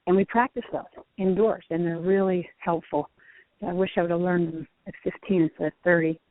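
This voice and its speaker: A middle-aged woman, a former tour golfer who now teaches, telling stories in a lively way with frequent laughs. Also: fairly low pitch, brisk. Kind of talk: phone interview storytelling. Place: outdoors at a driving range. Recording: tinny phone line, dry.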